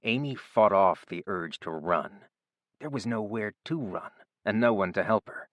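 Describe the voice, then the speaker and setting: A man narrating an audiobook in a steady, even storytelling voice. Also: fairly low pitch, measured pace, no room sound. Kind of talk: scripted narration.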